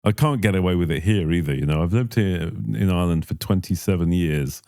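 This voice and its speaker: A man's voice: sits low, fairly quick, dark tone, no echo, clean studio sound. A middle-aged man from Australia co-hosting a podcast, easygoing and agreeable, chiming in with plenty of yeahs. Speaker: podcast co-host. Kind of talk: casual chat.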